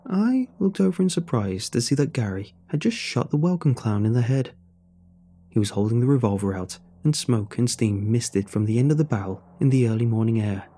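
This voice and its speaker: A man's voice: mid-range voice, lively intonation, moderate pace, warm tone, husky. A man narrating a first-person horror story in a scripted storytelling style.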